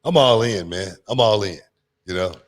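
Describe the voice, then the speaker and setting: A man's voice: lowish voice, moderate pace. A middle-aged man, a podcast host telling stories in a laid-back, drawling way full of slang. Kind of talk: casual chat.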